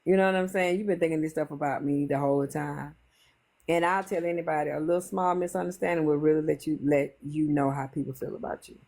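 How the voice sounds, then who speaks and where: A woman's voice: low voice, fairly even intonation, fast talker, a little mellow. A woman on a livestream panel, telling her side in casual chat, blunt and profane.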